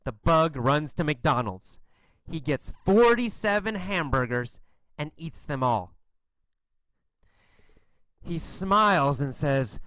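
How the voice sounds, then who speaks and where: A man reads a children's-style story for English learners, taking his time and keeping every word clear. His delivery is lively and expressive, rising and falling widely. The sound is dry and close to the mic. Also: a little high, slow, pauses often, dry recording. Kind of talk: slow scripted narration for English learners.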